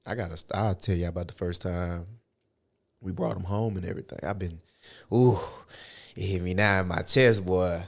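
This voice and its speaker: Gravelly deep-voiced man telling stories. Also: moderate pace. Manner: animated, profane storytelling with acted quotes. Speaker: podcast co-host. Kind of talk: casual chat, storytelling.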